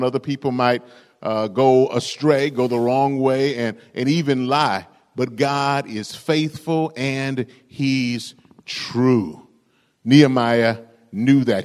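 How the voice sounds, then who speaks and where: A male pastor preaching with rousing call-and-response, his voice mid-pitched. The sound carries a long reverb in a large hall. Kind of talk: sermon.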